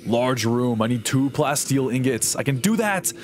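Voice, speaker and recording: A man's voice: medium pitch, little pitch movement, normal speed, a little hiss or hum. Rambling sarcastic young man streaming. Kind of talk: casual live-stream chat while gaming.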